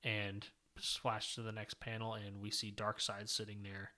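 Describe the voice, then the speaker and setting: Bright-voiced man recapping a comic. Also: fairly low pitch, a little slow. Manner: lively storytelling, many "like" fillers. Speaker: podcast co-host. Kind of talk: casual comic book recap.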